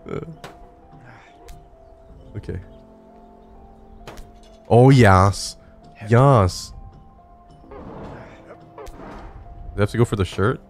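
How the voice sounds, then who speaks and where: A man live-streams a climbing game, giving frantic gameplay commentary to chat, swearing and laughing at himself. His voice is on the low side and he takes it slowly, pausing often. Faint music plays behind him; he's on a studio dynamic microphone.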